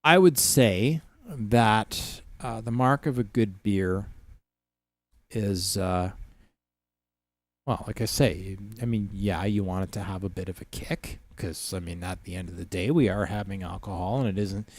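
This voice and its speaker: A livestream host chats casually, telling rambling, profane stories packed with fillers. His voice sits lowish and moves a little slowly, with no echo in the recording.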